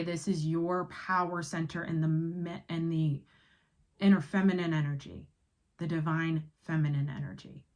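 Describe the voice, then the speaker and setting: Woman tarot reader, lowish voice, casual and emphatic, spiritual channel host. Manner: casual, emphatic, swears, switches into quoted inner voices.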